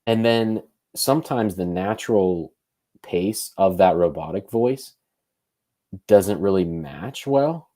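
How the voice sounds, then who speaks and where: Man, very low pitch, mellow tone, relaxed podcast co-host who thinks out loud. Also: takes it slowly. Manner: thinks aloud, loose and conversational. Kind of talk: casual podcast chat.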